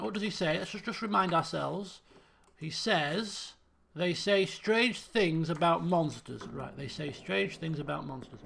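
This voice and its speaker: A man's voice: fairly high pitch, vocal fry, fairly bright tone. A man streaming a game, thinking aloud in casual commentary and repeating himself as he works things out. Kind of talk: casual let's-play commentary.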